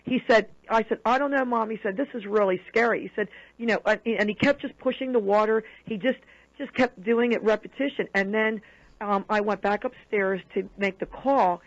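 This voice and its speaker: A woman of middle pitch tells a personal story as a radio guest. She acts out the quoted voices with lively retelling. The broadcast audio sounds dull and lo-fi. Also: moderate pace.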